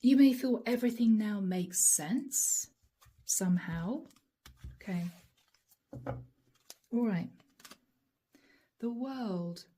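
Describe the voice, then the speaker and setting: A hoarse woman giving a channeled tarot reading, musing aloud and speaking straight to viewers by star-sign nickname. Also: a little high, slow pace, long pauses, dark tone, a little hiss or hum. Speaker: tarot reader.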